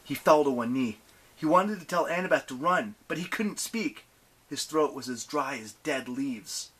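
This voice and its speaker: Expressive male audiobook narrator. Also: on the high side, normal speed, breathy edge. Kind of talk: audiobook reading of a novel.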